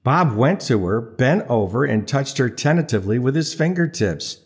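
Man narrating a novel, wry and playful, mid-range pitch, steady delivery. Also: normal speed. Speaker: audiobook narrator. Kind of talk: scripted narration.

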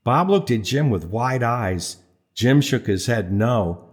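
A man's voice: mid-range voice, lively intonation, slow pace. A man narrating a comic story in a wry, dryly humorous manner. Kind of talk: audiobook narration.

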